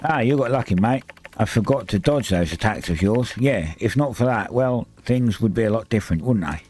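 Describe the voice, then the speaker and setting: Man putting on a brash kangaroo, Australian accent, mock-tough slang, lowish voice. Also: expressive, a little slow, a little mellow. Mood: boastful. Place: home streaming setup.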